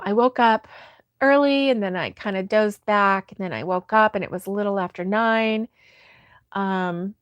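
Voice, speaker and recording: A woman hosting a relaxed crafting livestream, chatting through viewer comments and breaking into giggles as she goes. She talks unhurriedly and plainly into a close microphone in a dry, dead room. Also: mid-range voice, dry recording. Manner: giggly, laughs often, soft-hearted. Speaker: crochet livestream host. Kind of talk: casual chat reading viewer comments.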